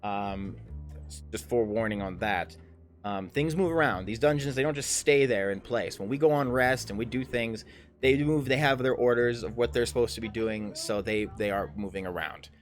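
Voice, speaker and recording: Over soft background music, a man with a lowish voice speaks at a moderate pace. He's running a tabletop game as game master, wandering through his narration with lots of fillers and false starts.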